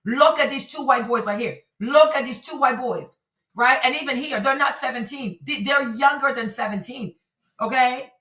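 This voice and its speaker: Animated woman streamer in echoey room. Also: sits high, moderate pace, far from the mic. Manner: animated, repetitive, talks to her audience. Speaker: streamer commentator. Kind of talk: livestream commentary. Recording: roomy echo, voice a bit off-mic.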